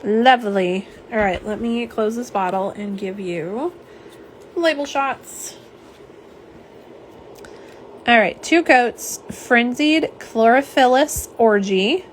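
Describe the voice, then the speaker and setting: Speaking slowly from her home office, a young nail polish swatcher chats with her live-stream audience and reads their comments aloud. She rambles warmly through fillers and asides in a middle-pitched voice, a faint hiss of noise behind her.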